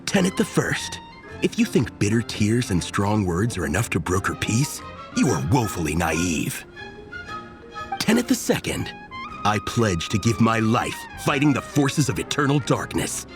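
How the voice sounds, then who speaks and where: A man's voice: on the low side, huge pitch swings, measured pace, music in the background, exaggerated voice. An actor playing a theatrical young comic-book fan who declaims his lines in mock-heroic tones, in a game. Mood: grandiose.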